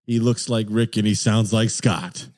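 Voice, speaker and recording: A man's voice: lowish voice, steady tone, unhurried, darkish tone, dry recording, clean studio sound. A man co-hosting a wrestling podcast, giving opinionated takes with joking banter. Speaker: podcast co-host. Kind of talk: casual chat.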